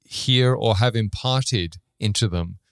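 Male podcast host, lowish voice, dry recording, thoughtful questions. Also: slow, gravelly, no echo. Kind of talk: interview questions.

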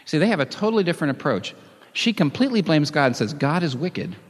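A man preaching a sermon in a dramatic, animated way, with bursts of emphasis. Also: a little high, quick pace. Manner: lively, dramatic, reads scripture with emphasis and chuckles. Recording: long hall reverb.

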